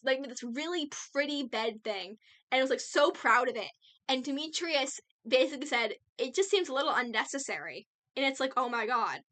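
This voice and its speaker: A woman's voice: on the high side, pushed and bright. A woman giving casual, opinionated commentary on a video game, ranting bluntly and playfully with frequent laughs. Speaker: gaming video creator.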